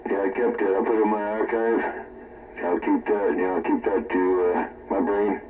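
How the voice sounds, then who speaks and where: A man's voice: on the low side, steady tone, normal speed, faint music behind. A man chatting casually in a laid-back way, often repeating short phrases. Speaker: radio chat participant. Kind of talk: casual chat. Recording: distant, phone-like radio with faint noise.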